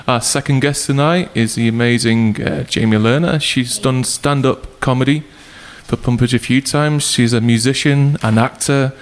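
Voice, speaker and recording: A man's voice: mid-range voice, fairly even intonation, moderate pace, few pauses. A man hosting a casual comedy talk show in a radio studio, loose and often laughing.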